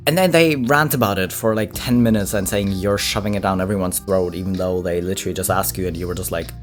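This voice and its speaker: A host giving casual commentary on reaction clips, rambling with many filler words. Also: male voice, lowish voice.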